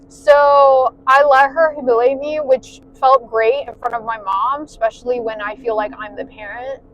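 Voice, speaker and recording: A woman's voice: fairly high pitch, lo-fi sound. A young woman talking frankly while driving, swearing freely and filling her talk with "like". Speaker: vlogger. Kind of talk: casual venting while driving. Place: inside a car.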